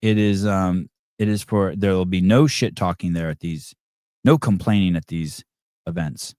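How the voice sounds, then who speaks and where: Male podcast host, lowish voice, dry close sound; sarcastic, rambling, swears freely. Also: moderate pace, darkish tone, no room sound. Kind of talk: live call-in chat.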